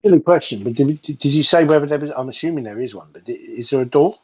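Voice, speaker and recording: A man's voice: mid-range voice, fast talker, husky. A man playing a tabletop game, asking hesitant, stammering questions. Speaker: player. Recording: lo-fi voice chat.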